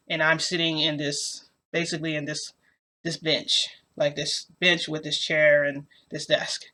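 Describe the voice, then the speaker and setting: A woman's voice: sits low, fairly bright tone. A young woman vlogger telling a story casually, rambling with lots of filler words.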